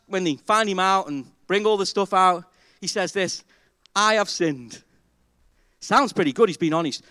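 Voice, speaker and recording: A man preaching a sermon as pastor, emphatic and animated, asking the congregation rhetorical questions. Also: high voice, no echo. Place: church.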